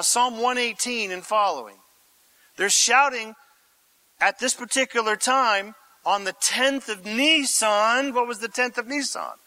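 A male pastor delivering a sermon in a bright, high voice, with an unhurried pace. He swings from hushed, near-whispered lines to excited shouts and keeps throwing questions at his listeners. The sound is dry and close. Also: no room sound, low-quality recording. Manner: addresses congregation directly with questions.

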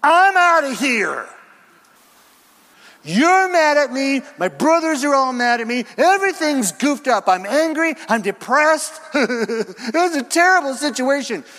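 A man's voice: very high-pitched, sing-song, measured pace, pushed and bright, long reverb tail, voice pushed up, full character voice. A man voicing a self-pitying, defiant ancient fugitive who blames everyone and storms off, in a sermon. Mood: whining, blaming. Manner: whiny, blaming, storming off.

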